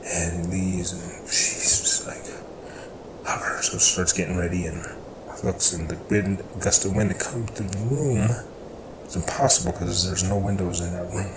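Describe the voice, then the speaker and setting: A man casually telling a story in a rambling way, jumping up in pitch when he quotes his characters. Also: steady tone, normal speed, echoey room, background noise.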